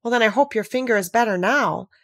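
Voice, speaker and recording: A woman reading a storybook aloud, voicing a polite, earnest seven-year-old girl who speaks gently and sometimes plaintively. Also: medium pitch, expressive, normal speed, husky, no room sound, clean studio sound.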